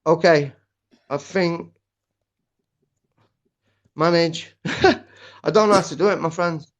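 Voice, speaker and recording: A man talks casually on a phone live stream with a fairly high voice. He rambles and keeps drifting off onto tangents. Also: slow, lo-fi sound. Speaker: livestreamer.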